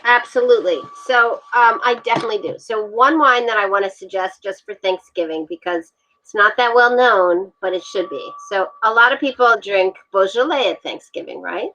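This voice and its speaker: A woman's voice: mid-range voice, lively intonation, normal speed, pushed and bright. A woman talking casually about wine and sonnets on a livestream, chatty and hesitant with fillers and restarts. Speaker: wine guest. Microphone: video call. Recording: dull lo-fi call audio.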